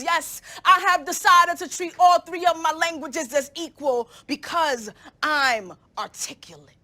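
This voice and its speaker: A woman's voice: very high-pitched, measured pace, sharp tone. A young woman, a student poet, performing spoken word poetry with a rhythmic, rhyming, emphatic delivery.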